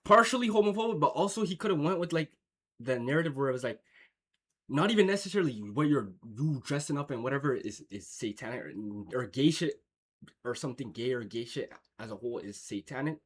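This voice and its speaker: A man's voice: medium pitch, expressive, fairly quick, husky. A young man from Jamaica giving casual, slang-heavy reaction commentary, swearing and rambling with lots of filler. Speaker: streamer reacting to a clip.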